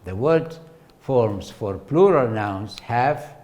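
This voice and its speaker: Male lecturer, native arabic speaker lecturing in english, slow pace, lively up-and-down pitch, halting with fillers and repeats, asks the class questions. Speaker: university lecturer. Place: lecture hall.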